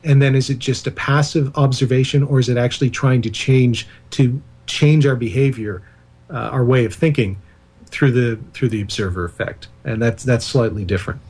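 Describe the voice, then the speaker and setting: A man's voice: mid-range voice, steady tone, normal speed, a little mellow, breathy edge. A man speaking as the guest author on a radio interview, explaining ideas at length with digressions and self-deprecating asides.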